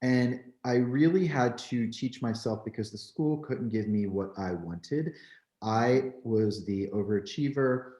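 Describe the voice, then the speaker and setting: A photographer from New Jersey tells his story in conversation, animated and candid, sprinkling in plenty of "like" and "you know." His medium-pitched voice runs a little slow, and the recording has a roomy echo.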